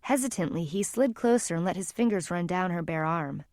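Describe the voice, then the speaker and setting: A woman narrating a fantasy audiobook in a calm, even storytelling manner. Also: lowish voice, fairly quick, dry recording, clean studio sound. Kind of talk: scripted narration.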